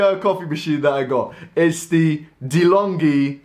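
A young man rambling excitedly while unboxing a coffee machine in a casual vlog. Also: a little high, moderate pace. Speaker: coffee vlogger.

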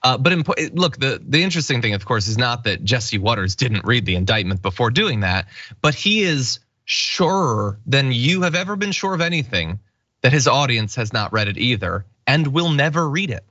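A man's voice: medium pitch, sing-song, moderate pace, sharp tone, no echo, muffled recording. A man hosting a political commentary show, sarcastic and emphatic. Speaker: news commentary host.

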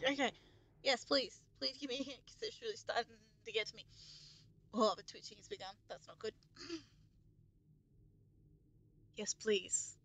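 A woman's voice: a little high, normal speed, pauses often, noisy background. A young woman live-streaming a horror game, chatting to her viewers, swearing freely and shrieking at scares. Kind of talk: casual live-stream commentary.

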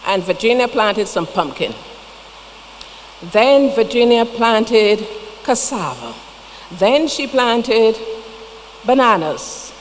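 A woman's voice: a little high, animated, takes it slowly, pauses often. A woman with a Barbadian accent giving a funeral tribute in a church, telling folksy stories with chatty asides. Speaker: eulogy speaker. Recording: long church reverb, faint noise.

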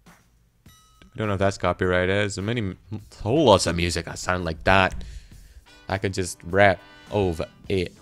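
An excitable teenage boy rambles through his gameplay commentary, talking to himself as he plays. His voice sits fairly low for his age, with faint game music playing behind him. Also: moderate pace. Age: teens. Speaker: gaming channel host.

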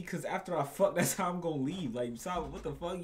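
A man's voice: on the high side, brisk, few pauses, a little hiss or hum. A young man with a slightly raised voice reacting to a video in loose, casual commentary. He rants with plenty of swearing and calls his listener bro, circling back to the same phrases again and again. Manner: profane, animated ranting.

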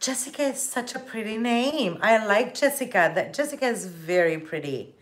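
A woman hosting a casual cooking stream, chatting gently with viewers and laughing often as she bakes. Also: fairly high pitch, expressive, moderate pace. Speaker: cooking show host.

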